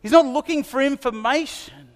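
Earnest preacher guy asking questions, highish voice, lots of hall echo. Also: normal speed. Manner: earnest, searching questions to listeners. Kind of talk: sermon. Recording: long hall reverb.

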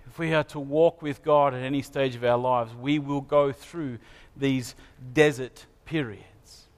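A man's voice: mid-range voice, steady tone, measured pace, smooth. A man preaching a sermon in an earnest manner, asking his listeners searching questions. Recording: long hall reverb.

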